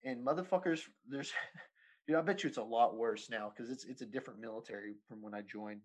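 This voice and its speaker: A man's voice: medium pitch, a little fast, poor audio. Profane rambling man saying dude a lot. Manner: profane, rambling, laughs often, says "dude" constantly. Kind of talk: casual chat.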